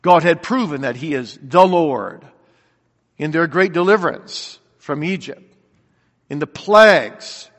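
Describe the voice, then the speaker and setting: A man preaching a sermon, earnestly asking rhetorical questions and swinging between loud declarations and quiet reflection. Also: a little high, lively intonation, a little slow. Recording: long reverb of a large hall.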